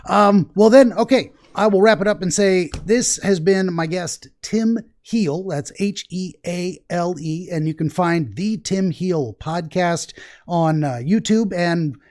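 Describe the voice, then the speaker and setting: A man's voice: high-pitched, unhurried, a little mellow. A man hosting a podcast, chatting casually and rambling with frequent laughs. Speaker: podcast host. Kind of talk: casual interview chat.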